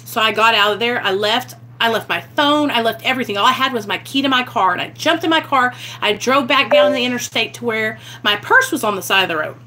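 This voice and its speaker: A woman's voice: on the high side, lively intonation, fairly quick, hardly any pauses, pushed and bright. A young woman telling a raw personal story to her camera, blunt and candid, swearing freely. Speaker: vlogger sharing her recovery story.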